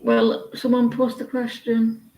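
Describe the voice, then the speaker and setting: A woman's voice: on the high side, monotone, takes it slowly, vocal fry, dark tone, roomy sound, poor audio. A British woman doing tarot readings and chatting in a rambling, gossipy way with lots of hesitations. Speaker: tarot reader. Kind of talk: casual live-stream chat.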